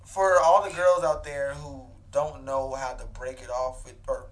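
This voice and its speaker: A young man in his twenties, a podcast co-host, telling an animated comedic story and acting out the dialogue. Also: medium pitch, unhurried. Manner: animated, laughing, acts out dialogue.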